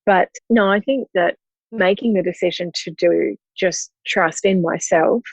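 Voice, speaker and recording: A woman in her forties speaking openly and emotionally in a personal conversation, often laughing softly through hard moments. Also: lowish voice, measured pace, gravelly, dry recording, highs cut off. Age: 40s. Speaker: guest.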